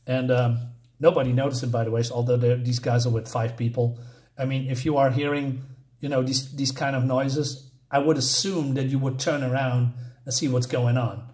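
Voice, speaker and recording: A man's voice: medium pitch, flat delivery, normal speed, darkish tone. A man reviewing a comic book in casual talk, exasperated and sarcastic as he mocks the writing. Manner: exasperated and sarcastic, mocking the dialogue.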